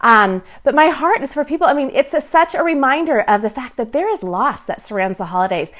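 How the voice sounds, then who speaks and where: A woman's voice: sits high, animated, fairly quick, fairly bright tone. A woman from Southern California hosting a casual livestream chat, bubbly and chatty, answering viewer comments as she goes. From Southern California, USA. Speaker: blogger and livestream host.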